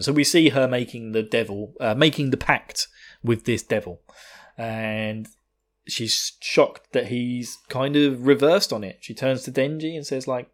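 A man's voice: medium pitch, normal speed. A man in a mid-range voice recapping an anime episode for a podcast. He talks casually, swears freely and laughs through his retelling, acting out the lines with relish. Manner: laughing, profane, animated retelling. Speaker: podcast co-host.

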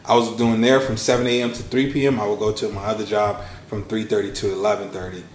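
A man in his thirties, a podcast guest telling his story in a casual, animated way. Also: fast talker, echoey room, a little hiss or hum. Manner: animated storyteller, acts out quotes with big pitch swings. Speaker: podcast guest, launch strategist.

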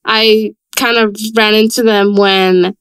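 Smooth-voiced young woman, chatty podcast host. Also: medium pitch, little pitch movement, fairly bright tone, no room sound. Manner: chatty, swears freely, rushes in quick bursts. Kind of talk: casual chat.

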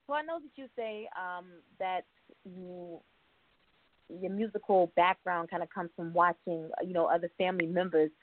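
A woman's voice: on the low side, moderate pace, dry recording. A woman hosting an interview, chatty and full of fillers. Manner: chatty, warm introductions with fillers. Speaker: radio show host. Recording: tinny phone-like line.

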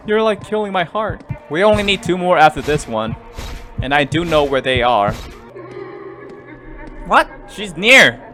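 A man commentating a horror game let's play, jumpy and easily startled, swinging between loud yelps and quiet muttering. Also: fairly high pitch, expressive, measured pace, pauses often, faint music behind. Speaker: gaming YouTuber.

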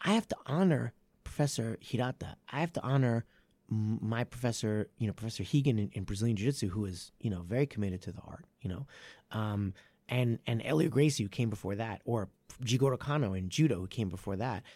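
A man with a gravelly, slightly creaky voice talks martial arts on a podcast, rambling and correcting himself, then picking up energy when he drives a point home. The sound is dry and close, with no room in it. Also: medium pitch, brisk, darkish tone, dry recording. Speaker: martial arts academy owner and podcast host. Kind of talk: casual podcast chat.

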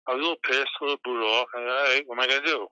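A man guest in an interview, telling stories in an animated, rambling way and swearing casually. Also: mid-range voice, racing, smooth, no room sound. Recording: dull lo-fi sound.

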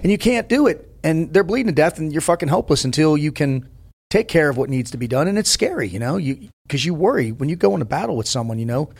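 A man in his fifties talks in a blunt, profane way, swinging into emphatic bursts as he tells stories. His voice sits a little high for a man, and he keeps it conversational, as a guest on a podcast. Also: expressive, fast talker, a little mellow, slightly rough. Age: 50s. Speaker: podcast guest, former Navy SEAL. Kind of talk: casual podcast chat.

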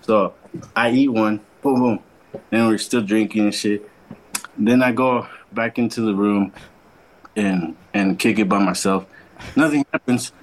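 Speaking unhurriedly and pausing often, a young man with a fairly low voice spins a long, casual story on a podcast. He uses lots of slang and swearing and voices each person he quotes, though the audio is poor.

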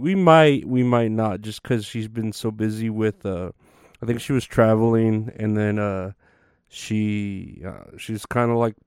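A man's voice: fairly low pitch, a little mellow, clear, resonant tone, no room sound, studio quality. A man chatting casually on his livestream, meandering and laid-back, full of fillers and swearing. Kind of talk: rambling casual stream chat.

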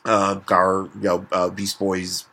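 A man's voice: deep voice, monotone, slow pace, bright, forceful tone. Man, podcast co-host, casual comic chat, rambling, fillers, swearing.

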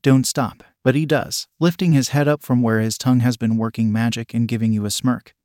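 A man narrating a second-person adult audio story in a soft, intimate way. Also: medium pitch, fairly even intonation, brisk, no room sound, clean studio sound.

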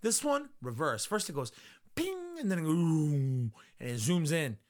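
A man hosting a podcast, giving a profane, animated comedic episode recap and laughing often. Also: a little high, fast talker. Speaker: podcast host.

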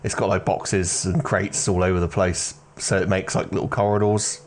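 A game master narrating a tabletop role-playing game in a relaxed, loose way. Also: low voice, moderate pace.

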